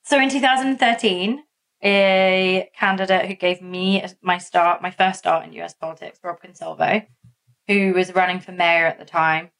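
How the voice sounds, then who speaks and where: Chatty woman podcast host telling stories. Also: lowish voice. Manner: animated storytelling with many fillers. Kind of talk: casual chat.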